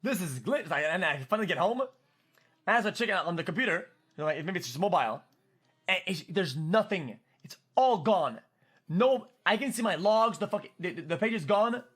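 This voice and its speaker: Excitable French-Canadian streamer guy, higher voice. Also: a little fast, husky. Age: 20s. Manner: excitable, swearing, stumbling repeats. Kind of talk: casual storytelling on stream.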